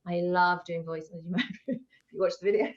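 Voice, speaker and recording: A woman's voice: on the low side, steady tone, brisk. A woman, a guest in an interview, chatting in a rambling way and laughing between thoughts. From England. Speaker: guest, online vocal reaction creator. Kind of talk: casual interview chat. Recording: slightly dull lo-fi call audio.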